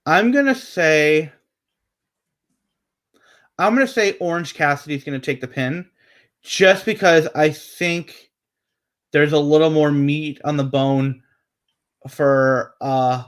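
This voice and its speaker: A man chats casually, his voice sitting a little higher than most men's. He rambles, trailing off with frequent ums and restarting sentences as he thinks aloud. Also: slow, long pauses, smooth. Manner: rambling, many fillers and restarts. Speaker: wrestling predictions co-host. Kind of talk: casual chat.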